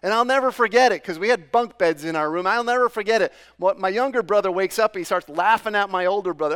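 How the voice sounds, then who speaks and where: A man's voice: high-pitched, fast, few pauses, fairly bright tone, smooth. A middle-aged man from New England preaching a sermon in a loose, conversational way, full of fillers and questions to the congregation. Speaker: pastor.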